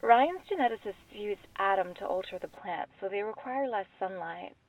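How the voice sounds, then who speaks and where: A composed female contact talks the hero through his situation, voiced by a woman. Her mid-pitched voice sounds distant from the mic, and she explains in an even, factual manner. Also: moderate pace, muffled recording, close to an everyday voice. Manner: matter-of-fact, explanatory. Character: calm woman guiding the hero by radio.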